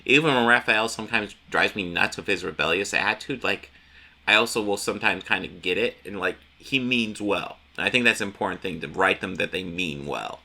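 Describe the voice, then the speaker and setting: A man's voice: on the low side, fairly quick, gravelly, pushed and bright. A man casually recapping a comic book issue, rambling with frequent restarts and the odd swear word.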